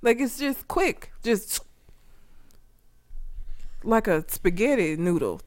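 Woman, podcast co-host, lively pitch, teasing, laughs a lot. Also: slow pace, pauses often. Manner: teasing, laughs often, swears casually. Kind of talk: casual podcast banter.

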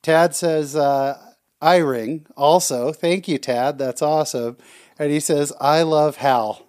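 A man's voice: fairly high pitch, steady tone, slow pace. A man co-hosting a podcast, chatting casually and reading out listener comments with effusive, heartfelt reactions. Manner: warm, effusive, reads comments aloud. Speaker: podcast co-host.

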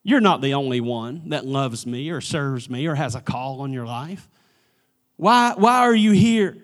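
A gentle, patient God, as a preacher puts him on, speaking low and soft. Each question comes slowly and kindly. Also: male voice, fairly even intonation. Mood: gently probing.

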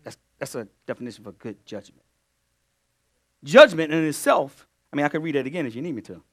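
Pastor, male, high-voiced and highly animated, preaching a sermon with loud peaks and low asides. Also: brisk, husky. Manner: call-and-response preaching, swings between loud bursts and low asides.

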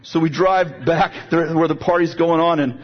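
A man preaching a sermon, telling a lively personal story and moving into prayer, with a husky voice. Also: on the high side, normal speed, lo-fi sound.

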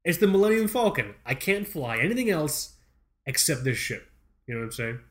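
A man's voice: on the high side, very animated, fairly quick, a bit bright. An American man hosting a podcast, telling a rambling, profane, self-mocking comedic story. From United States. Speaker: podcast host.

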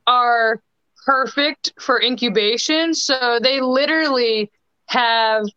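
Bright crisp-voiced young woman guest. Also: on the high side, dry recording. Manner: chatty, quick bursts with many restarts and fillers. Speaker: podcast guest. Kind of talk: casual storytelling chat. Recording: dull lo-fi remote call audio.

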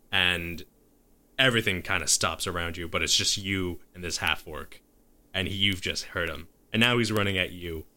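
A man's voice: low-pitched, bright, forceful tone, smooth. A man narrating as game master of a tabletop game, improvising the action and stopping to correct himself.

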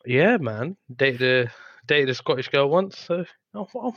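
A man's voice: a little high, sing-song, unhurried, dry recording, muffled recording. A man with an English accent, co-hosting a podcast in laid-back, sheepish casual chat. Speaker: podcast co-host.

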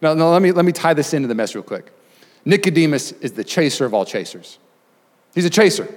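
Male pastor, animated storyteller, slightly high pitch, long hall reverb. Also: fairly quick. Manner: animated, acts out voices, shouts and laughs in the story. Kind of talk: energetic storytelling sermon. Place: church sanctuary.

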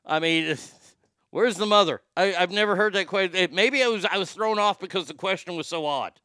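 In clean studio sound without any room noise, a middle-aged host rants casually and profanely through a story, tripping into stammered restarts again and again. He has a high, sharp-toned but smooth voice and talks fairly quickly.

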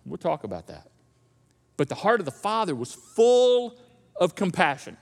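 A man preaching a sermon in a conversational, animated storytelling manner. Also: high voice, normal speed, vocal fry, long reverb tail. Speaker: pastor. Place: church auditorium.

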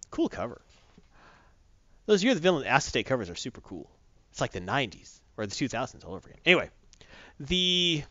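A man's voice: on the high side, sharp tone, dry recording. A man hosting a comics podcast, rambling and chatty with lots of fillers, recorded dull and lo-fi. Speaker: comic book podcast host. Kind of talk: casual chat.

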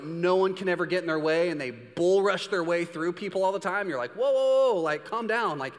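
Male pastor, slightly high voice, relaxed joking sermon, long reverb of a large hall. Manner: casual, jokey, acts out quick voices.

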